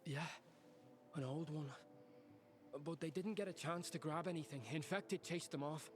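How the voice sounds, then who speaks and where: A man's voice: fairly high pitch, normal speed, slight background noise, lightly acted. An actor playing a worried brother in a game who earnestly pleads for help for his sick sibling. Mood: earnest pleading.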